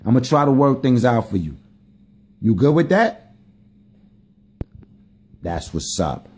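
A young man doing comic, slangy commentary as a mock mediator, scolding and coaxing in animated bursts. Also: medium pitch, takes it slowly, husky. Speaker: comedic vlogger. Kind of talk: comic running commentary to dogs.

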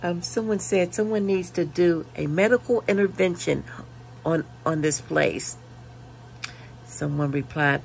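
A woman vlogger casually reading viewer comments aloud, laughing and mocking, punching the quoted lines loudly. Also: sits low, measured pace, vocal fry, pauses often, a little hiss or hum. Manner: laughing, mocking, reads comments with loud emphasis.

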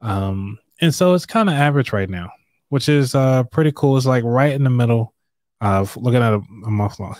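A man's voice: mid-range voice, lively intonation, normal speed, darkish tone, dry recording, clean studio sound. A man hosting a casual live chat about finances, chatty and full of fillers as he talks to viewers. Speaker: livestream host. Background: light background music.

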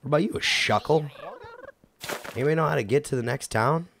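A man's voice: fairly high pitch, fast talker, vocal fry, fairly bright tone, a little hiss or hum. A man giving casual let's-play commentary, goofy and chatting to the game characters as he plays. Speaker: gameplay commentator.

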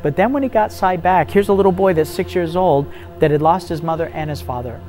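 Man, slightly high voice, earnest storyteller, faith interview, soft music underneath. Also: fairly quick. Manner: earnest, acts out dialogue with rising intensity. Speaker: ministry guest telling a testimony.

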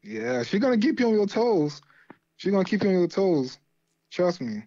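A man's voice: sits high, big pitch swings, normal speed, warm tone, dull audio. A man who is a guest on an interview show, chatting casually and laughing often. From Haitian community. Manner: laid-back, laughs often, retells talks in others' voices. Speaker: guest artist.

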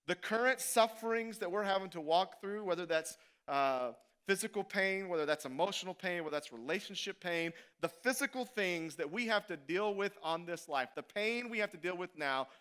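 Male pastor, high voice, smooth and clear, animated sermon, loud then hushed. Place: church.

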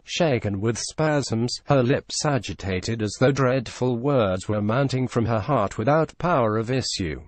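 A man narrating a classic story in a measured, expressive storytelling manner. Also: medium pitch, no room sound. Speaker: audiobook narrator. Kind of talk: scripted narration.

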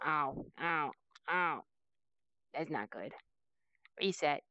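A woman chatting casually while gaming, muttering low-key comments on her attempts. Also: lively intonation, slow, pushed and bright, dry recording. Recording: dull lo-fi audio.

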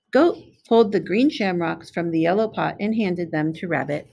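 A woman, a preschool specialist, reading a picture book aloud to young children in a slow, clear storytelling manner. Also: on the low side, darkish tone.

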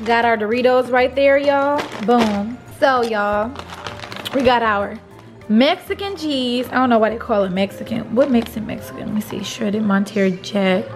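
A woman's voice: fairly high pitch, moderate pace, music in the background. Chatty woman vlogging in her kitchen. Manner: chatty, talks straight to viewers as y'all. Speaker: vlogger host. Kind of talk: casual cooking vlog. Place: home kitchen, indoors.

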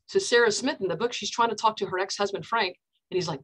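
A woman's voice: mid-range voice, steady tone, moderate pace, fairly bright tone, poor audio. A woman counselor with an American accent, giving a casual book talk over a video call, chatty and full of fillers and restarts.

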